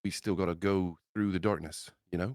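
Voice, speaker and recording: A man's voice: low voice, steady tone, fairly quick, darkish tone, no room sound, clean studio sound. A man playing a tabletop role-playing game, thinking aloud with hesitant fillers. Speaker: player. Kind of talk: casual tabletop game chat.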